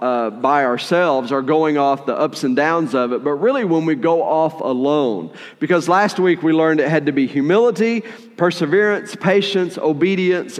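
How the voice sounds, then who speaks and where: A man preaching a sermon in a conversational, animated way, with playful asides while retelling a story. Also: a little high, big-room sound. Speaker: pastor.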